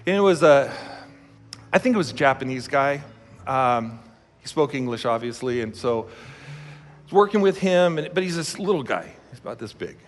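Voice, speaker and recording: A man's voice: mid-range voice, expressive, moderate pace, pauses often, a little hiss or hum. A man preaching a sermon as a pastor, telling a personal story in a conversational, emphatic way. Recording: long hall reverb with faint music.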